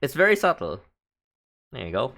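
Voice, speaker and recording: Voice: mid-range voice, very animated, moderate pace, a bit bright. A streamer from the Philippines with a Filipino accent, chatting casually and thinking aloud while building in a game.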